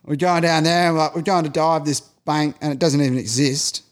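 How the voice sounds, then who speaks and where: A man's voice: fairly high pitch, steady tone, moderate pace. A man telling a long story in casual chat, rambling and peppering his talk with fillers. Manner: rambling, heavy use of filler "like".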